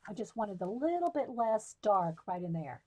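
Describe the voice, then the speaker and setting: A woman's voice: medium pitch, very animated, moderate pace, warm tone. A woman hosting a live coloring tutorial, chatting casually, laughing often and answering viewers by name. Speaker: coloring tutorial livestream host.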